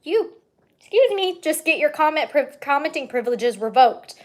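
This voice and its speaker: A woman's voice: sits high, animated, moderate pace. A woman hosting her own channel, chatting and teasing while she eats, often with her mouth full. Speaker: channel host. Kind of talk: casual mukbang chat.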